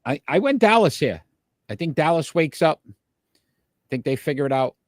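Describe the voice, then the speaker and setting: A man's voice: on the high side, very animated, moderate pace, no echo. Man, sports show host, casual picks chat, dry close sound. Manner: chatty, laughs easily, calls out to live viewers.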